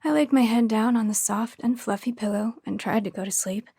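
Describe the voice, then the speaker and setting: A woman reading a first-person horror story in a hushed, tense storytelling manner. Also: a little high, a little fast, gravelly, slightly rough, no room sound, clean studio sound. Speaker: narrator.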